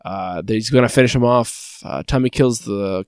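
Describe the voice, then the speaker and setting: A man's voice: on the low side, normal speed, smooth, no echo. Wry man recapping in a dry room. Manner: wry, deadpan jokes. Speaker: podcast co-host. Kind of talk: casual podcast chat, recapping a show.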